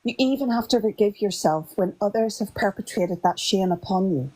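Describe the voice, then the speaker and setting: A woman guest speaking as a spiritual teacher in slow, measured, soothing phrases. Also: mid-range voice, expressive, a little mellow, low-quality recording.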